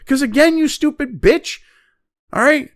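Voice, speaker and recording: A man's voice: very high voice, unhurried. A man in his fifties hosting a political commentary show, ranting angrily and mockingly with heavy swearing. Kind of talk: profane opinion rant.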